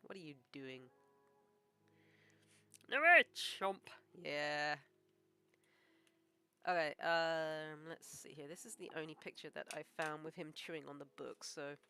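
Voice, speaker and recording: A woman animator chatting casually on a live stream while she draws, joking and thinking out loud. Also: low voice, steady tone, brisk, few pauses, smooth, faint music behind. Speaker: animator streaming her work.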